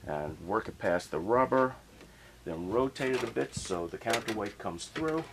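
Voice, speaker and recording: A man casually narrating a hands-on turntable repair in a relaxed, plainspoken way while he works in a home workshop. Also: lowish voice, normal speed, gravelly, a little hiss or hum. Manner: relaxed, plainspoken, working as he talks. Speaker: hobbyist restoring a turntable.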